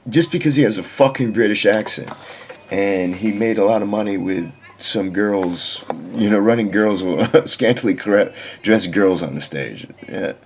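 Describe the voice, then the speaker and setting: A middle-aged man talks in a very deep, gravelly voice that rasps with fry. He rambles through a profane monologue, leaning on "you know" and a steady stream of curses. A faint hiss of background noise runs under him. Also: moderate pace. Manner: rambling, swears constantly, many "you know" fillers. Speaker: vlogger reacting to videos. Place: living in China.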